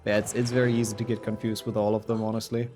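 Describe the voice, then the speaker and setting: A young German man with a sick-sounding voice casually commentates his speedrun, chatting and reading and answering chat as he plays. His voice is on the low side and flat, his pace quick, with music playing in the background.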